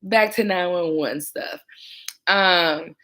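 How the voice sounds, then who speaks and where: A young woman, telling stories about her former job as a 911 dispatcher in a casual chat. She talks in a smooth, calm voice that turns animated when she acts out the people who called in. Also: lowish voice, slow. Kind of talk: casual chat, storytelling to camera.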